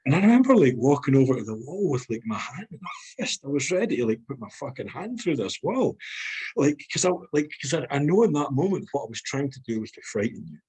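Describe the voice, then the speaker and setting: A man's voice: mid-range voice, sing-song, quick pace, darkish tone, breathy edge, low-quality recording. A man with a Scottish accent, a guest speaking frankly and reflectively in a podcast conversation, swearing freely.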